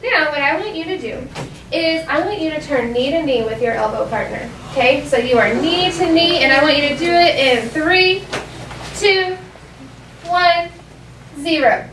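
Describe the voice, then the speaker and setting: High-voiced teacher in an echoey classroom. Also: female voice, lively intonation, a bit bright, far from the mic, a little hiss or hum. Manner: models phrases slowly for students to echo. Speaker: elementary school teacher. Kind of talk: classroom language lesson.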